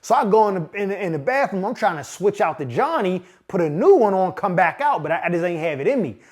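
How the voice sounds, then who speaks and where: 40s guy from pittsburgh telling a wild story, kinda high voice, swoops up and down a lot, keeps going "you know what im saying". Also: fast talker. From Pittsburgh, USA. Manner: animated, slangy, acts out the people in his story. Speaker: podcast host. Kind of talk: casual comedic storytelling.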